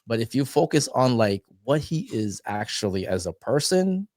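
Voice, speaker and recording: A young adult man, a guest on a podcast, talking in a rambling, animated way with lots of fillers. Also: mid-range voice, moderate pace, no room sound, clean studio sound. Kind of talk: casual chat.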